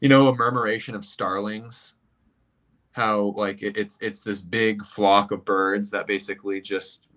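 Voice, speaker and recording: A man who once ran for office, talking as a guest in a thoughtful, halting way with frequent restarts. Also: fairly low pitch, steady tone, fairly bright tone. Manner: reflective, halting, with many restarts. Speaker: guest, former political candidate. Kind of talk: casual conversation.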